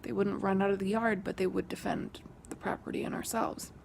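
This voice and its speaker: A young woman vlogger casually tells a story, often half-whispering in a hushed retelling that rises when she quotes an argument. Her mid-range voice has gravelly fry, little pitch movement and a fairly quick pace, over a noisy background.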